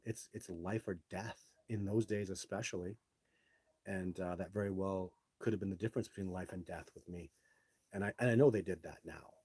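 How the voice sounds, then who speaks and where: A middle-aged man hosting a live show, telling his own stories casually and answering viewer questions in an animated way, with some swearing. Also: low-pitched, husky, no echo.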